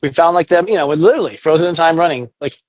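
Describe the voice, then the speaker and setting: A man talking casually as a guest on a podcast, animated, often acting out inner voices in quotes and swearing now and then. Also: on the high side, very fast, dry recording. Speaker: astrologer guest.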